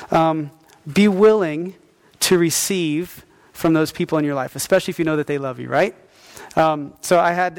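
Animated storytelling pastor, high-voiced man. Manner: animated storytelling with acted-out quotes. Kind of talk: sermon.

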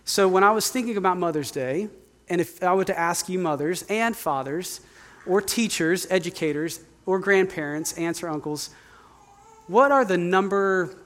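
A man's voice: high voice, normal speed, fairly bright tone. A man in his forties, a youth pastor, preaching a candid, conversational sermon and asking the congregation to call out answers. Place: church sanctuary. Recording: long hall reverb.

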